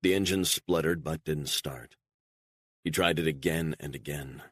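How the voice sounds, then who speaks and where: A man with a deep voice narrates a spy thriller audiobook. His reading is measured and even. The recording is dry and close. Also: no echo. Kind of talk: scripted narration.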